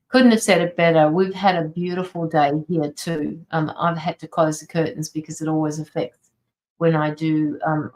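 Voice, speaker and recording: A woman's voice: low voice, darkish tone, low-quality recording. A woman tarot reader and medium, chatting casually on a livestream from her home studio, sympathetic and greeting viewers by name.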